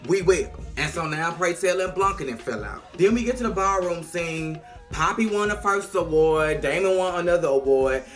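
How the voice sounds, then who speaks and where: A woman giving a casual TV episode recap, talking in an animated, profane way and acting out the lines. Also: on the low side, normal speed, faint music behind. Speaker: TV recap vlogger.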